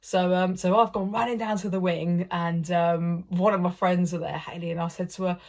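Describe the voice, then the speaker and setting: A woman with a British accent telling a long personal story straight to camera. Her voice sits a little low for a woman. She rambles in a chatty way, stacking up "like" and "um" as she goes. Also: fairly even intonation, moderate pace, darkish tone. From United Kingdom. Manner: chatty and rambling, heavy use of "like" and "um". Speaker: vlogger, former prisoner.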